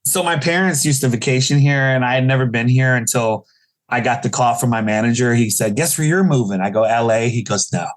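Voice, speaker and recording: A Chicago man in his forties, guesting on a podcast as a comedian, tells funny stories a little fast at an everyday middle pitch. In this casual interview, he animatedly acts out quoted people with sudden high pitch leaps.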